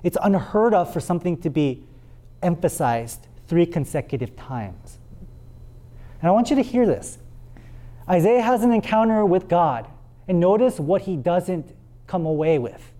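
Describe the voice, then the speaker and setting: A man preaching a sermon and reading scripture aloud, with dramatic pauses and words repeated for emphasis. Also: high voice, animated, mellow. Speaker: pastor.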